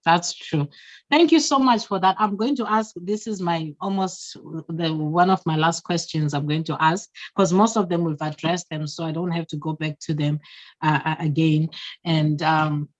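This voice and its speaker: A woman's voice: deep voice, normal speed, dry recording, highs cut off. A woman hosting an interview, giggling often and murmuring agreement. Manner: giggly, with frequent affirming murmurs. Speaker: host. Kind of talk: interview chat.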